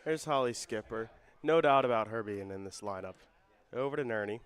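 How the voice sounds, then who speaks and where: A young man doing play-by-play for a student soccer broadcast. His voice climbs and quickens as the attacks build. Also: medium pitch, clean tone. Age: young adult. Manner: rises and speeds up with the action. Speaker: play-by-play commentator. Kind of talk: student sports commentary.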